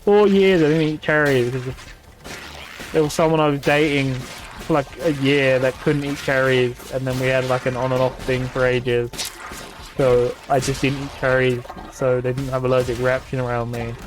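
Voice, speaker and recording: A man's voice: medium pitch, flat delivery, moderate pace. A man, talking casually on a gaming stream, swearing freely as he rants in exasperation.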